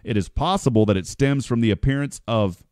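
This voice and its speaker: A man's voice: mid-range voice, fairly quick, a little mellow, smooth, no echo, clean studio sound. A man hosting a morning radio show, chatting in a folksy, joking way and calling people "brother" and "man". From United States. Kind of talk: casual radio chat.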